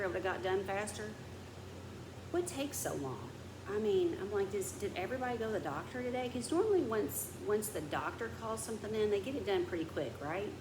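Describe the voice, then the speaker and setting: A woman vlogging in casual chat, rambling through a story, venting, and sometimes dropping to a whisper. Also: mid-range voice. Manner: rambling storyteller who vents and drops to a whisper. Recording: echoey room with background noise.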